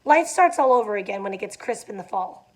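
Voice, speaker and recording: A woman voicing a cool, blunt young society woman, brisk and dismissive. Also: mid-range voice, lively intonation, a little mellow, close to an everyday voice.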